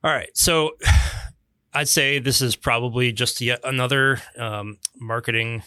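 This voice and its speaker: A man's voice: medium pitch, fairly even intonation, measured pace, sharp tone, clean tone, no room sound. A man co-hosting a podcast, explaining technical topics in a casual, chatty way, with dry jokes and many restarts. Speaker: podcast co-host.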